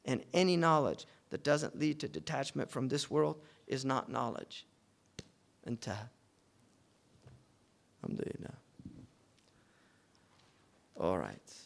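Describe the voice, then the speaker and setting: A man teaching a class on logic, explaining in a loose, conversational way with fillers and restarts, and reciting Arabic text quickly. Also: medium pitch, lively intonation, gravelly.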